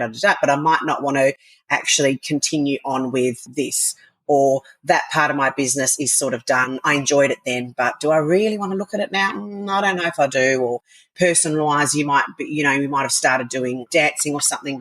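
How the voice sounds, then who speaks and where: A woman's voice: low voice, steady tone, fast talker, fairly bright tone, no room sound, poor audio. A woman, speaking as a podcast guest in an enthusiastic, rambling way. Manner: enthusiastic, rambling, frequent fillers and laughs. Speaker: podcast guest, wellness coach. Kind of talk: casual interview chat.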